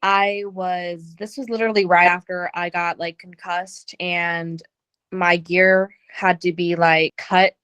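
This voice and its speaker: A young woman, a professional wrestler, answers in a relaxed, casual way with plenty of "um" and "like". Her voice sits slightly low for a woman. The sound is close and dry. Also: slow pace, clear, resonant tone, dry recording. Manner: relaxed, many "um" and "like". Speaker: wrestler, guest. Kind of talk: interview answers.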